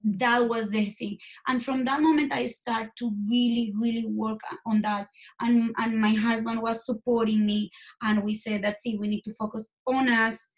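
A fairly high-voiced woman speaking English as a second language. She talks earnestly and candidly as an interview guest, halting and restarting her sentences as she goes. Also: steady tone. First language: not English.

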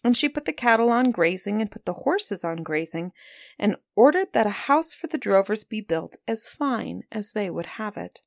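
A woman's voice: mid-range voice, normal speed, vocal fry, dry recording, studio quality. Woman reading a fairy tale aloud. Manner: expressive read-aloud, voicing characters. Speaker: storyteller. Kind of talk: storybook reading.

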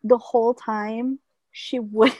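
A middle-aged woman telling a funny family story in casual chat, animated and laughing often, mimicking relatives in higher voices. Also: slow, dry recording, dull audio. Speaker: storyteller in a conversation; teacher.

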